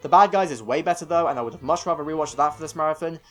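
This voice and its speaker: A man's voice: a little high, racing, a bit bright, soft background music. A young British man reading a scripted film review, opinionated and self-mocking with rambling asides. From United Kingdom.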